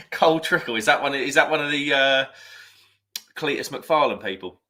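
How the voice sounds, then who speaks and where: A chatty man with a bright, forceful voice, hosting a casual live stream. He rambles, corrects himself mid-sentence and reads out comments as they come in. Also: medium pitch, moderate pace.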